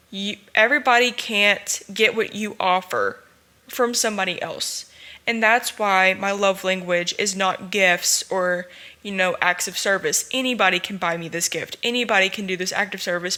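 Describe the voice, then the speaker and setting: A woman's voice: medium pitch, pushed and bright. A young woman hosting a solo podcast, talking in an earnest, heartfelt, unscripted way. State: tearful at times. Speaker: podcast host. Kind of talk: candid solo podcast talk.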